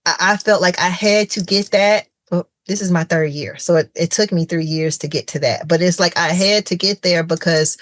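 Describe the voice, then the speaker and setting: A woman, a childcare center owner on a podcast as a guest, telling stories in a lively way and acting out what people said. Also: fairly low pitch, normal speed, few pauses, no echo. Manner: animated storytelling, acting out quoted dialogue. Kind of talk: casual conversational interview.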